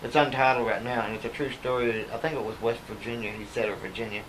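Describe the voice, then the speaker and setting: A man's voice: mid-range voice, flat delivery, quick pace, a bit bright, a little hiss or hum, poor audio. A man from Oklahoma with an Oklahoma accent, an actor guest telling folksy stories in a casual interview. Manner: folksy, chuckling storyteller.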